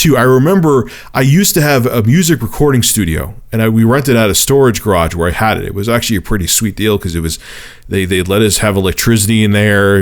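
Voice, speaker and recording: A man in his thirties telling a personal story to camera as a vlogger, in a profane, animated way. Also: on the low side.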